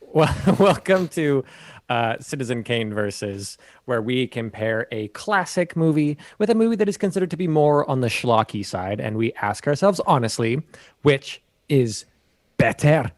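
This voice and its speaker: A male podcast host talking loosely and jokingly, his mid-pitched voice recorded dry and close. His delivery is casual and chatty. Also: lively intonation, normal speed, no echo. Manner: loose, joking, full of fillers and restarts. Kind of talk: casual chat.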